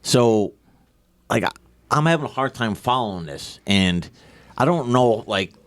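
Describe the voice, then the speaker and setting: A man's voice: mid-range voice, animated, unhurried, no room sound. A man from co-hosting a casual sports podcast, arguing his points with rhetorical questions. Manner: argumentative, frequent "like" fillers, rhetorical questions. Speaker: podcast co-host.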